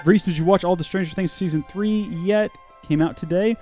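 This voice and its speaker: A man's voice: sits high, fairly quick, over music. A man hosting a live game stream, with goofy, rambling and chatty commentary.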